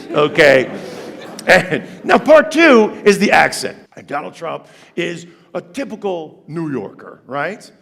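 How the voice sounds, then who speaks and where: High-voiced, gravelly stand-up comedian. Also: male voice. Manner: animated, ironic, addresses the audience. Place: comedy theater stage. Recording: long reverb of a stage hall.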